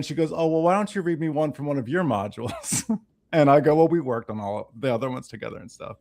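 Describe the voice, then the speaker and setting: A man on a casual livestream telling an animated story, acting out the voices of the people he quotes. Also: mid-range voice. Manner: animated storyteller who acts out quoted dialogue. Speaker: guest.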